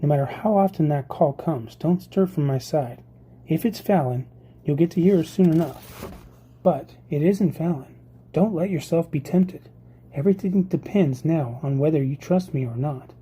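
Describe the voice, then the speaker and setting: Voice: medium pitch, dark tone, slight background noise, natural voice. A reader voicing a stern old stag. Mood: commanding. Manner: earnest, measured commands. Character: old male stag, wise, stern and commanding. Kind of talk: storybook reading.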